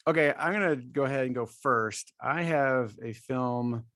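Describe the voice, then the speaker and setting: A man in his forties co-hosting a podcast in casual chat, halting and often repeating his words. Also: mid-range voice, a bit bright, dry recording, clean studio sound. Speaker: podcast co-host.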